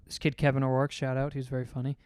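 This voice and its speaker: A man's voice: mid-range voice, monotone, very fast, darkish tone, smooth, no room sound. A young man co-hosting a podcast, telling rambling stories in casual chat, swearing often and acting out what people said. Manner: rambling storyteller, swears often, acts out quotes. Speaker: podcast co-host.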